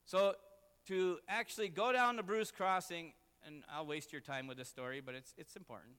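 A male pastor delivers a sermon through a personal story, earnest and self-deprecating. His voice is fairly high and bright. It rings out with a long reverb in a church hall. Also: fairly even intonation, normal speed, smooth.

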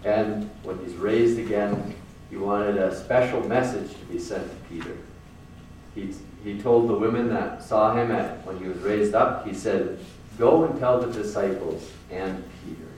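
A man's voice: on the low side, a little mellow, recorded from a distance, a little hiss or hum. Earnest preacher man in an echoey room. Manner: casual, earnest, repeats phrases for emphasis. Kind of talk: sermon.

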